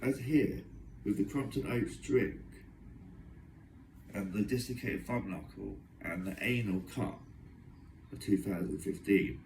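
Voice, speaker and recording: A young man with a low, deep voice pours out a rambling, aggrieved monologue. He talks in long run-on strings of complaint. The recording is roomy and echoey, with the voice sitting back from the microphone over a faint background hum. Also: measured pace, creaky, long pauses, a little mellow, recorded from a distance. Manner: aggrieved, agitated, run-on storytelling. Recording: echoey room, voice away from mic.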